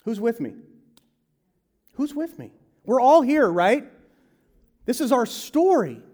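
A man preaching a sermon, swinging from loud to hushed, slipping into quick mimicry of salesmen and advisers. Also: very high voice, sing-song. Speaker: pastor.

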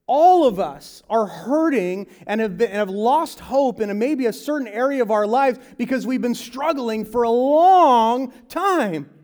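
A man delivers a sermon in a rather high voice, taking his time over the words. He swings between loud, emphatic stretches and hushed, quiet ones, and drops into quick mimicry of pushy salesmen and advisers. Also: animated. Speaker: pastor.

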